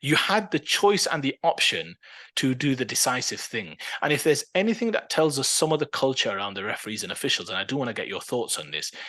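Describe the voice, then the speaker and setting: A man co-hosting a podcast, talking football in a casual, animated and opinionated way, with plenty of fillers and restarts. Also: medium pitch, fairly quick. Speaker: podcast co-host.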